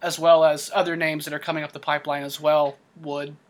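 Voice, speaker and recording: A man's voice: fairly high pitch, flat delivery, fairly quick. A man hosting a casual sports podcast, talking through stats and laughing along with his co-hosts. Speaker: podcast host.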